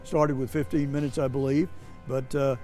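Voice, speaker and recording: A man's voice: mid-range voice, level tone, moderate pace, mellow, in a large hall, faint music behind. A man preaching a sermon as pastor, earnest and plain-spoken, repeating himself and lifting his voice when he quotes scripture.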